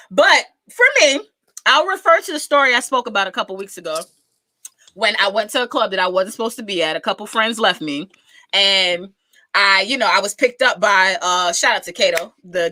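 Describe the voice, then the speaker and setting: A woman hosts a casual chat and calls on each guest by turn. She is playful, her pitch swings widely, and her tone is bright. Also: expressive, a little fast, no room sound. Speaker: host.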